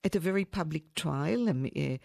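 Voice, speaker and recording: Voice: medium pitch, expressive, moderate pace, gravelly, darkish tone, no room sound. Unscripted history presenter, dry sound. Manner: unscripted, with fillers and self-corrections. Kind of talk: informal history talk.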